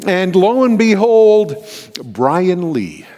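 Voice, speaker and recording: Canadian pastor telling stories in a reverberant hall. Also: male voice, high-pitched, sing-song, extremely slow, mellow. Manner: earnest, emotional personal storytelling with frequent restarts. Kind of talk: storytelling sermon. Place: large church sanctuary.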